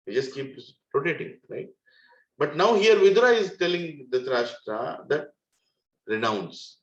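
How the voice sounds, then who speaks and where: A man with an Indian English accent teaching a devotional scripture class over a group call, telling the story in an animated way with chuckling asides. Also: medium pitch, roomy sound, dull audio. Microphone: video call.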